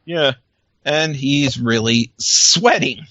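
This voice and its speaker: A podcast co-host chats casually and animatedly in a recap, acting out lines and laughing often. His mid-range voice moves at a slow pace and sounds pushed and bright, with no echo but dull audio.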